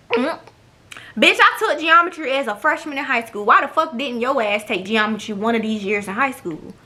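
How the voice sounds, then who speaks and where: Sassy young woman vlogger, bright forceful voice, cussing through a storytime. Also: fairly high pitch. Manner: blunt, profane, sassy, mimics others. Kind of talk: casual storytime monologue.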